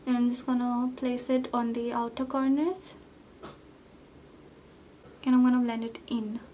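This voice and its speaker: A young woman with a somewhat high voice, chatting her way through a get-ready-with-me makeup routine. She rambles, piles on fillers and pokes fun at herself. Faint noise sits behind her. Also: level tone, a little slow, mellow. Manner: rambling, filler-heavy, self-deprecating. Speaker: beauty vlogger.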